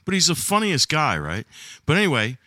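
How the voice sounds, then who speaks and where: A man's voice: fairly high pitch, wildly swooping pitch, brisk, sharp tone, no room sound, studio quality. A man co-hosting a casual chat in a cottage by the fireplace, teasing his co-host, laughing, and telling stories with quoted dialogue. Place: cottage living room by a fireplace.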